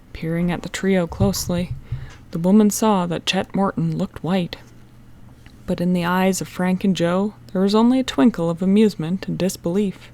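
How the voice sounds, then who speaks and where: Woman reading a kids mystery audiobook, lower voice, steady expressive read. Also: normal speed. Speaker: audiobook narrator. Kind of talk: audiobook narration.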